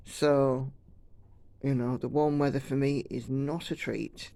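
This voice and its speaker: A woman's voice: extremely low pitch, takes it slowly, creaky, darkish tone. A woman from the United Kingdom chatting casually and rambling while she stitches at home. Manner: chatty, rambling, self-deprecating. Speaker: cross-stitch vlogger.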